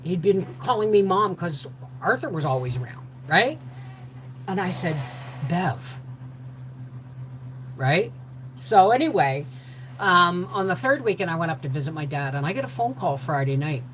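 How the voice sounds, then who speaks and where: An older woman telling a personal story in an animated way, acting out the voices of the people in it. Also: lowish voice, normal speed, noisy background. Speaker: host.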